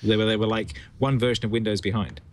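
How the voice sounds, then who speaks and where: A man's voice: on the low side, fairly even intonation, fast talker. A man appearing as a guest on a tech podcast, thinking aloud with hesitant, trailing sentences. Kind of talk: casual tech podcast chat.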